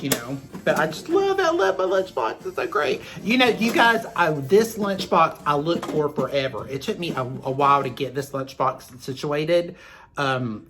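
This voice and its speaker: Chatty Southern-accented man with a higher voice. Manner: rambling, chatty, self-deprecating, warm asides to viewers. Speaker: makeup vlogger. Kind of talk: chatty beauty tutorial vlog.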